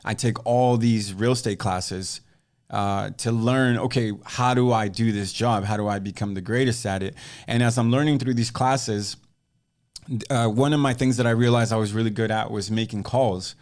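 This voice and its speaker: A man's voice: on the low side, normal speed. A man, a real estate agent, telling his story as a guest on an interview podcast, acting out the dialogue he quotes. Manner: animated storyteller who acts out quoted dialogue.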